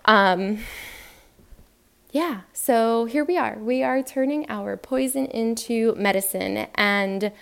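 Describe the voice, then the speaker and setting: A young woman with a slightly high-pitched voice talks alone into a podcast mic. She is frank and animated. She laughs easily as she goes. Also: takes it slowly, vocal fry, clear, resonant tone. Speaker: podcast host. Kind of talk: solo podcast monologue.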